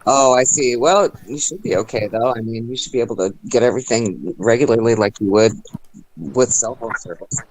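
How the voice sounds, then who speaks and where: A woman's voice: extremely low pitch, brisk, darkish tone. A woman in a casual group voice chat, brash and sassy, swearing freely. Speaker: voice chat participant.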